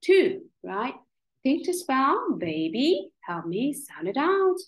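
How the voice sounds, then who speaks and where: A woman gives a one-on-one phonics lesson, sounding out letters and syllables with care. She speaks slowly and deliberately. Her voice swings widely in pitch as she coaxes the child along. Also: big pitch swings, rough recording. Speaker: spelling tutor.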